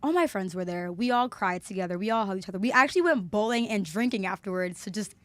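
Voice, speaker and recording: A woman's voice: mid-range voice, quick pace, no echo. A young woman, a podcast guest telling a story in casual chat and acting out the quotes. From Alabama, USA. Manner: chatty storyteller, lots of "like", acts out quotes.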